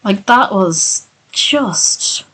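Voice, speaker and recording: A woman streamer talking at an unhurried, drawn-out pace, rambling and swearing in casual chat. Her voice sounds sore and exhausted after hours of reading aloud. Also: mid-range voice, lively intonation, fairly bright tone, breathy edge, rough recording. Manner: profane, rambling and tired.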